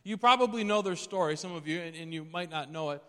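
A man with a slightly high voice preaches a sermon. His style is conversational, and he acts out each scripture quote. The sound carries a long reverb from a large church hall. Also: fast, pushed and bright. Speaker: pastor.

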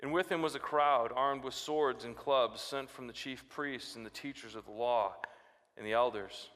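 A man preaching a sermon, lively and dramatic, his voice climbing sharply when he quotes scripture. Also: mid-range voice, moderate pace, in a large hall. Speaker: pastor.

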